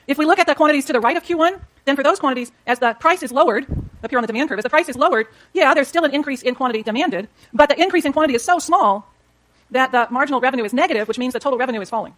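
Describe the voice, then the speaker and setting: A woman's voice: sits high, fairly bright tone. A woman teaching an economics class, explaining step by step while she draws graphs and talks to her students. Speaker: economics lecturer. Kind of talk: classroom lecture.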